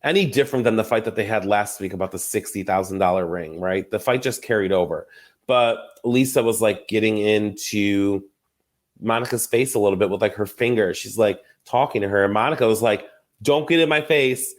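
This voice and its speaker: A man's voice: lowish voice, brisk. A young adult man hosting a casual recap podcast, gossipy and chatty, often laughing and acting out quotes. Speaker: podcast host.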